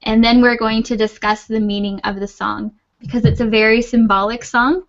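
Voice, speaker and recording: A woman's voice: a little high, level tone, moderate pace, muffled recording. A woman teaching an English class over a video call, patient and reassuring. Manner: patient, reassuring, laughs often. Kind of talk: online class, friendly explaining.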